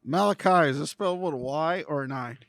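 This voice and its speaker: A man on a casual comedy podcast, deadpan and sheepish. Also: on the high side, a little fast. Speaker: podcast co-host.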